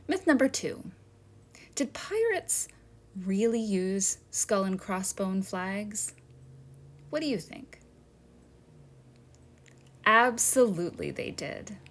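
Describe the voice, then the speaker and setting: A woman museum educator, narrating a children's history lesson and asking her listeners friendly questions. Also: mid-range voice.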